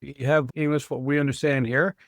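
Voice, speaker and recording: A man's voice: medium pitch, flat delivery, brisk, no room sound, studio quality. A man with a Canadian accent, hosting a casual interview. He is conversational and curious. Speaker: podcast host.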